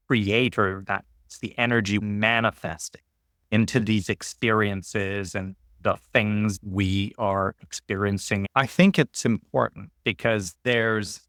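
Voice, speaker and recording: A man's voice: fairly bright tone, dry recording, studio quality. A man hosting a reflective conversation, speaking thoughtfully and lifting his voice to stress key ideas. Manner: thoughtful, emphatic, rises in pitch to stress points. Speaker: podcast host.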